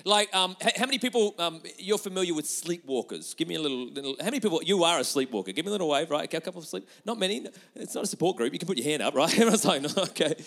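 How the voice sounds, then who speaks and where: A middle-aged man with a notably high voice delivers a sermon. He speaks to the audience in a relaxed, storytelling way, full of restarts. He often turns to the listeners with questions. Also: very fast, few pauses, in a large hall. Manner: animated, chatty, with many restarts, addressing the audience. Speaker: pastor.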